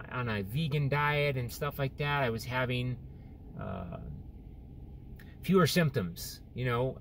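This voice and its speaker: A man recording a personal video diary about his surgery recovery, speaking haltingly with many restarts, depressed and close to tears. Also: mid-range voice, slight background noise. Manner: halting, many restarts and fillers, openly discouraged. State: depressed and tearful. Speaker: vlogger sharing surgery recovery. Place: in and around a store.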